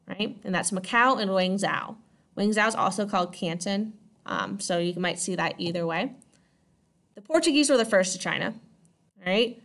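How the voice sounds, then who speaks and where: A woman teaching a history lesson in a casual, chatty way, often checking in with her listeners. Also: mid-range voice. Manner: chatty, checks in with 'right?' and 'okay?'. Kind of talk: casual classroom lecture.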